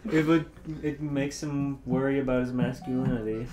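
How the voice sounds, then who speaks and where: A man's voice: mid-range voice, steady tone, moderate pace. A man with a mid-range voice banters on a comedy podcast, crude and joking. Faint music plays underneath. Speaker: podcast co-host. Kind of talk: casual comedic chat.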